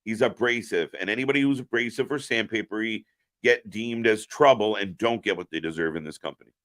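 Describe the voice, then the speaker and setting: A man's voice: fairly low pitch, a little fast, fairly bright tone. A man hosting a live reaction stream, giving opinionated, profane commentary.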